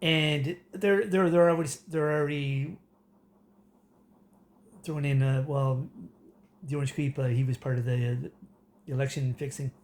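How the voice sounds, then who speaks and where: A man's voice: on the high side, fairly even intonation, moderate pace, long pauses, a little mellow, a little hiss or hum. A man from Canada ranting in a casual, rambling way, full of fillers and restarts and breaking into laughter. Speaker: political commentator. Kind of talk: casual rant to camera.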